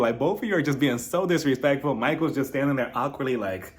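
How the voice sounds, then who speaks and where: A man's voice: medium pitch, expressive, quick pace. A man giving a casual, sarcastic recap of a reality show, chatty and laughing at his own jokes.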